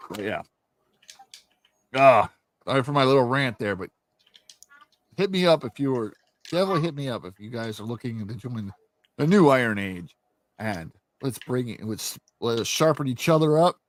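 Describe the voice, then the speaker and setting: A young man, an indie author and channel host, rants through a casual monologue while promoting his book. He speaks in a mid-range voice at normal speed with long pauses, and his manner is blunt, animated and heavy with swearing.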